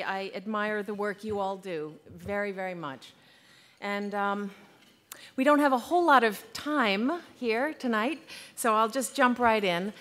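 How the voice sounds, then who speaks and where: Woman keynote speaker, mid-pitched, thoughtful, playful, savors key phrases. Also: a bit bright. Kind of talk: conference keynote talk. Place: conference hall.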